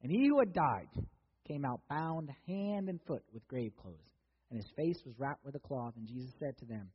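A man's voice: medium pitch, lively intonation, moderate pace, breathy edge. A man preaching a sermon in a casual, conversational way, acting out the people in the story as he goes. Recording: dull lo-fi sound with long hall reverb.

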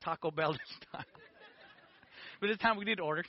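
A man in his forties giving a lively personal testimony in a sermon, peppering it with "okay?" and "like". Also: a little high, normal speed, dull audio. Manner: animated storytelling with frequent "okay?" and "like".

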